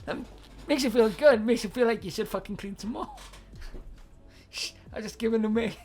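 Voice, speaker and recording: Slightly high-pitched with a darkish tone, this woman talks at normal speed. On her livestream advice chat she's outspoken and profane, frequently laughing and reading viewers' comments out loud.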